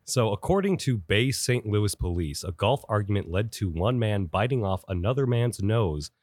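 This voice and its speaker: A man's voice: fairly low pitch, lively intonation, moderate pace, a little mellow, no echo. A man on a podcast reading out news headlines during casual chat. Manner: reads out news items.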